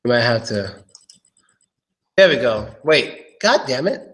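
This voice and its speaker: A man giving a casual live-streamed pronunciation lesson. He repeats words slowly and curses offhandedly. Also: medium pitch, very animated, a bit bright. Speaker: English pronunciation tutor.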